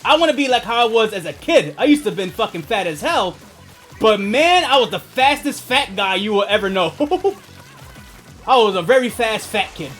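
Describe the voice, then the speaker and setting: Young male streamer, casual and profane, very animated delivery over faint game music. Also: high voice, moderate pace. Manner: profane, rambling, laughs often. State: asthmatic. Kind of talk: casual gaming stream chat.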